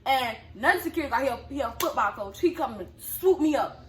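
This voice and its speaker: A young woman telling a story in casual chat, animated, acting out quotes in a high yelling voice. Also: quick pace. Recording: echoey room with clear background noise.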